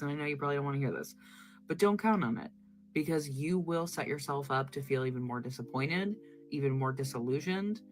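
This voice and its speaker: Low-voiced blunt woman vlogger. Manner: blunt, profane, lecturing. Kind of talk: casual commentary.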